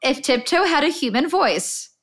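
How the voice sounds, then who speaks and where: A woman's voice: high voice, big pitch swings, moderate pace, fairly bright tone. A woman co-hosting a casual interview, asking a question with a few hesitant fillers. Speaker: co-host.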